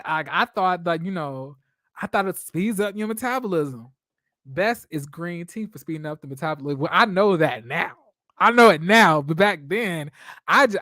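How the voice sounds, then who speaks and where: A man hosting a casual live stream from home, telling stories in a dramatic, expressive way, swearing freely and laughing often. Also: high voice, no echo, clean studio sound.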